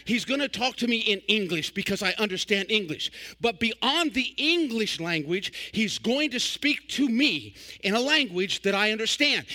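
High, bright-voiced folksy older preacher. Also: male voice. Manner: folksy, animated preaching with sudden loud bursts and quick asides. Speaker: traveling evangelist. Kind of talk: sermon.

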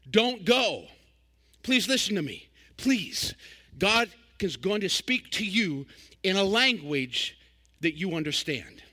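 An older man preaching a sermon as a traveling evangelist, folksy and animated, with sudden loud bursts and quick humorous asides. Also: sits high.

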